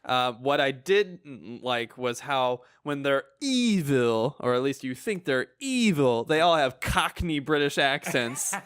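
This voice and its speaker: Jokey guy talking movies on a podcast, smooth clear voice, dry sound. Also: mid-range voice, animated, slow, few pauses, a bit bright, no echo. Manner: easygoing, jokey, agreeable. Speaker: podcast co-host. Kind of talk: casual film review chat.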